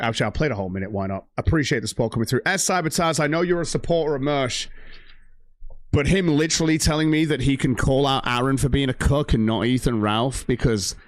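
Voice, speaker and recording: A man's voice: mid-range voice, no echo. A man hosting a livestream, ranting heatedly and profanely about a rival streamer and reading out viewer donations. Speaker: stream host.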